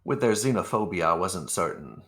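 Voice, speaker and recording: A man voicing a gruff, wary old ex-soldier who calls people son. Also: sits low, expressive, normal speed, a bit bright. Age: older (figure).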